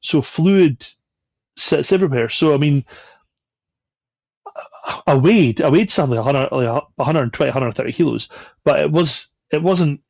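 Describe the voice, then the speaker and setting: A man with a gravelly, creaky voice tells a story in a relaxed, chatty way, slipping into the voices of the people in it. The recording is dry and a little dull. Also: fairly high pitch, normal speed, pauses often, no echo. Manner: animated, acts out quoted voices. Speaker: podcast guest. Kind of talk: casual storytelling.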